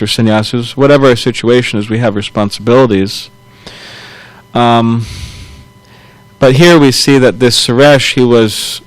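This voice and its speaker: A man giving a scripture class, retelling a story in a loose, halting way with frequent chuckles and self-corrections. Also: medium pitch, no room sound, rough recording. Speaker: temple class speaker.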